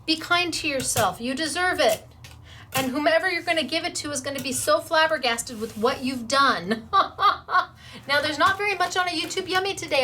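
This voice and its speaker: A woman's voice: high-pitched, bright, forceful tone, a little hiss or hum. A middle-aged woman hosting a crafting tutorial, bubbly and encouraging as she gushes over her projects. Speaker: crafting show host.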